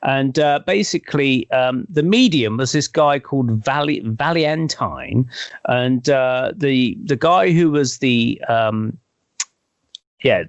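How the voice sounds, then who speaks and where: A man's voice: medium pitch, slow, dry recording, muffled recording. A man telling a story casually, rambling along with many fillers and self-corrections.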